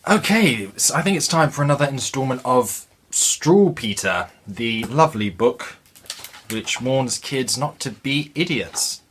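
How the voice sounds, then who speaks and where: A man's voice: medium pitch, expressive, unhurried, fairly bright tone, slight background noise. A man hosting his channel, reading a children's book aloud in a chatty way and breaking off for wry, joking asides. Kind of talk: jokey storybook reading with asides.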